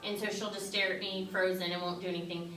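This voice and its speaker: A woman talks fast and explains things with animation. Her voice is bright and forceful. It sounds like it was picked up from a distance in an echoey room with faint noise. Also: medium pitch, flat delivery. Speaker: mental health specialist guest. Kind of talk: talk show discussion.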